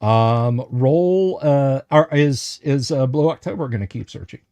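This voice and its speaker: A male game master narrates a tabletop livestream at an unhurried, deliberate pace. He circles through fillers and restarts as he describes each object, and his voice sits in the middle of the range. The sound is dry and close, with no room around it. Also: mid-range voice, animated, a little mellow, no echo. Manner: hesitant, many fillers and restarts; describes items slowly and carefully.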